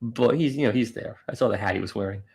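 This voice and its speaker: Man with deadpan comic banter. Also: on the low side, quick pace, creaky, husky. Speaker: podcast co-host. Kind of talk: casual comedic banter.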